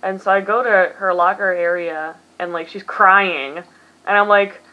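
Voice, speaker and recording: A tired American woman in her late teens hosts a casual vlog, rambling along and poking fun at herself. Her mid-range voice is steady and unhurried, and the audio has its highs cut off.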